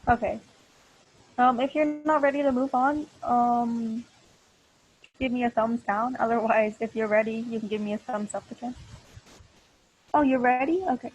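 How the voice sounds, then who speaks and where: A woman's voice: fairly high pitch, steady tone, normal speed, long pauses, slightly rough, dull audio. A woman teaching a language class online over a video call, patient and encouraging, with many fillers. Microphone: computer mic on a video call.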